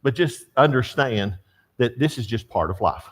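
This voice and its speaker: Teaching a Bible class at church, an older man talks at normal speed in a medium-pitched voice. His style is animated storytelling mixed with questions for the class.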